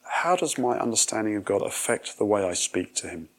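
A man's voice: lowish voice, expressive, brisk. A man giving a conversational sermon, acting out quoted voices as he retells a parable. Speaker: preacher.

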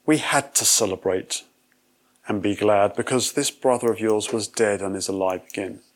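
A man's voice: on the low side, moderate pace. A man giving a conversational sermon, acting out quoted voices as he retells a parable. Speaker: preacher.

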